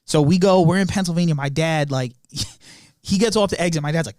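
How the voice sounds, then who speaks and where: A young man tells a family story on a podcast, slangy and laughing as he acts out the lines. His voice sits fairly high, and the recording is dry and close. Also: brisk, darkish tone, dry recording. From Long Island, New York. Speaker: podcast co-host. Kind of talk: casual storytelling chat.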